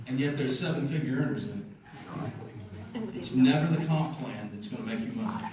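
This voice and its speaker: A man's voice: medium pitch, brisk, recorded from a distance. A man giving an enthusiastic motivational talk at a leadership retreat, laughing as he goes. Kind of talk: motivational speech. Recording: echoey hall, crowd behind.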